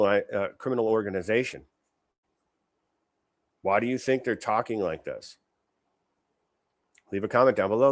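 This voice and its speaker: Sarcastic man hosting commentary. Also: on the low side. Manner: sarcastic, indignant. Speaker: show host. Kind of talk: political commentary stream.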